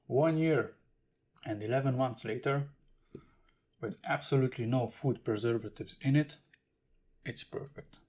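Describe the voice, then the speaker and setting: A food vlogger chats casually to the camera, explaining things while he eats and handles jars. His voice is medium-pitched and a little mellow, at a normal speed.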